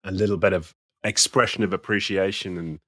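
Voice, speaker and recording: A man hosts a podcast in a lowish voice, affirming his guest and summing up what has been said. The recording is dry and close. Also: fairly even intonation, a little fast, a bit bright, no echo. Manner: affirming, summarizing, many yeahs. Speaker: podcast host. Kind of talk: conversational podcast interview.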